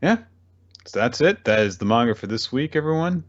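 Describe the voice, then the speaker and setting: A man's voice: mid-range voice, animated, a little fast, dull audio. A man hosting a podcast, recapping a comic casually with fillers and the odd swear word. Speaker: podcast host.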